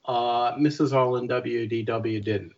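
A man's voice: medium pitch, steady tone, a little slow, a little mellow, highs cut off. A man co-hosting a podcast in casual chat, rambling with many restarts. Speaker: podcast co-host.

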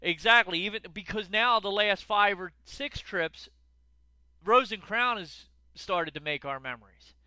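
A middle-aged man co-hosting a casual chat, an animated storyteller who repeats words when he gets excited. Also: sits high, measured pace, clean tone, dry recording, muffled recording. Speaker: podcast co-host.

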